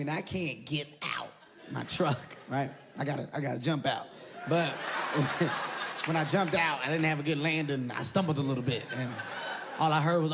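Animated, shouty stand-up comedian. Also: male voice, moderate pace, long pauses. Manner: animated, shouty, jumps into high squeals. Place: stage before a live audience. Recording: live show with audience noise.

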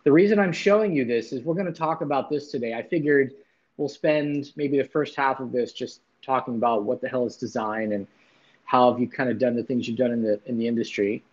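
A man's voice: medium pitch, a little fast, muffled recording. A man hosting a casual livestream, chatting loosely with viewers, swearing now and then and greeting chatters by name. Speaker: livestream host.

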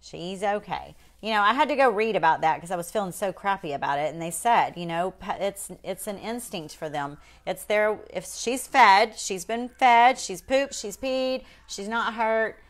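A woman's voice: medium pitch, expressive, normal speed, few pauses. A woman hosting a casual live painting demonstration, chatting folksily with viewers.

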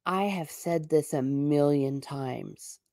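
A woman with a low voice hosts a casual livestream and muses aloud. She reads out viewer comments and now and then slips into a stern teacher tone. The sound is dry, with no room echo. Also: slow, creaky, mellow. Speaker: livestream host.

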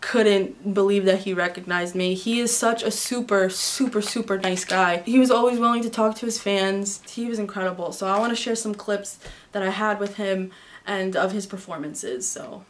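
A New York woman vlogger answers viewer questions in a casual Q&A, candid and chatty, swearing plenty as she tells stories. Her voice is medium-pitched and moderately paced, with background music and slight background noise.

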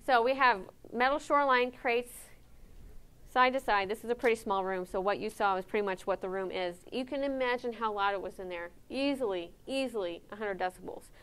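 Clear-voiced woman giving a lively lecture. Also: fairly high pitch, brisk. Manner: lively, asks the audience questions, frequent "right?". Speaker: veterinary behavior lecturer. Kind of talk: conference lecture.

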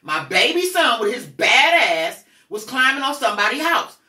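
Middle-aged woman, blunt and cussing, bright voice, roomy echo, a bit off mic. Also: on the high side, normal speed, recorded from a distance. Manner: blunt, profane, animated storytelling. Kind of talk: candid storytelling talk.

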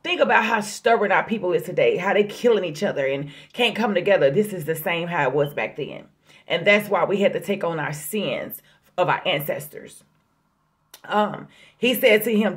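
A woman's voice: mid-range voice, animated, moderate pace. A woman giving a casual, emphatic sermon to her online viewers, calling them family in a folksy way. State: out of breath. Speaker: online preacher. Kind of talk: casual prophetic sermon vlog.

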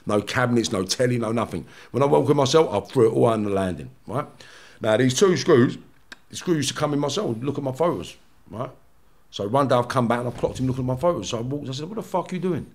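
A man's voice: mid-range voice, expressive, darkish tone. A London man, a former prisoner, telling stories bluntly with lots of swearing and restarts. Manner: blunt, swearing, rapid restarts, acts out confrontations. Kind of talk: heated podcast storytelling.

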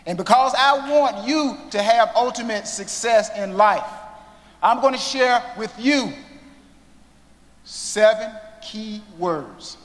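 Slow, dramatic man in a big hall. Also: high voice. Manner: slow, dramatic delivery with long pauses and sudden drops to a hush. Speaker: commencement speaker. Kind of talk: inspirational commencement speech. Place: large indoor hall. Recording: long reverb of a large hall.

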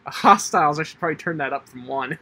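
A man's voice: a little high, fast talker, bright, forceful tone, low-quality recording. Rambling, easygoing man in game chat. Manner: rambling, hesitant, laughs often. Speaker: channel host and player. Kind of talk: casual gameplay chat.

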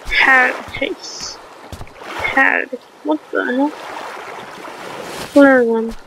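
A woman's voice: high voice, steady tone, extremely slow, vocal fry, background noise. A woman giving casual let's play commentary, reacting to the game with swearing and exclamations on a desk mic. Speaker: gamer. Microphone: desk mic on a stand.

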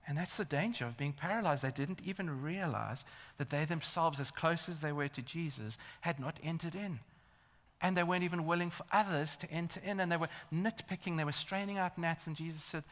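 A man delivers a sermon with emphatic, rising rhetorical questions. His voice is fairly high and bright. The sound rings with the long reverb of a large church hall. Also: fairly quick. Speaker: preacher.

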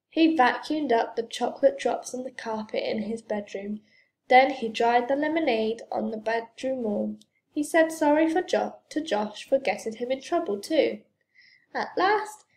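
A woman reading a children's storybook aloud in a gentle, expressive way. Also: fairly high pitch. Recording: roomy echo.

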